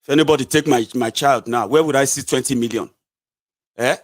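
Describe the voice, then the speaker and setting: A man's voice: mid-range voice, fairly quick. A Nigerian man giving a combative, sarcastic political rant, scolding his viewers directly. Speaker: political commentator. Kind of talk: angry solo political rant.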